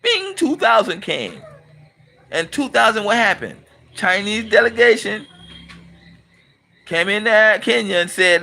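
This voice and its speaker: A middle-aged man from California delivers a blunt, emphatic monologue in loose, colloquial speech. His voice sits high for a man and rings bright and forceful. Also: very animated, unhurried, gravelly, long pauses. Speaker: channel host and commentator. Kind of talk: casual opinionated monologue.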